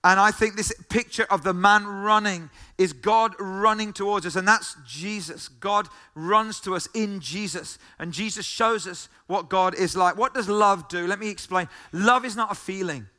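High, bright-voiced preacher. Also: male voice, moderate pace, few pauses. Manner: emphatic, repeats key phrases, asks the listeners questions. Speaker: pastor. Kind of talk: sermon.

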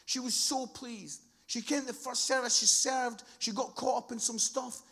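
A man preaching a sermon, telling stories with animated impressions of the people in them. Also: moderate pace. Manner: animated storytelling, mimics people in high voices.

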